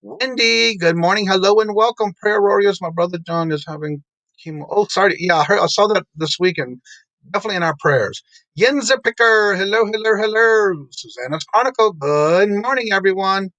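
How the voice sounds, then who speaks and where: Guy hosting a live stream, highish voice, greets everybody by name, laughs a lot, dry sound. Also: fairly quick, bright, forceful tone, no echo, highs cut off. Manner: chatty, greets viewers one by one, laughs often. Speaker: host. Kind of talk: casual live show chat.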